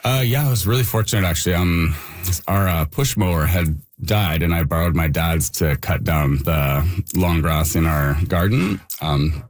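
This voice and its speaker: A man being interviewed on radio, telling what happened in relaxed storytelling with frequent ums. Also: deep voice, normal speed, no room sound. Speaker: resident interviewed about a lightning fire.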